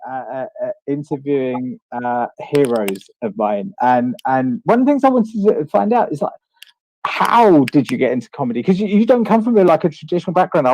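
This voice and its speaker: A man co-hosting an online chat show, interviewing a guest in a halting, eager way full of restarts. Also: fairly high pitch, warm tone, low-quality recording. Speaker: co-host and interviewer.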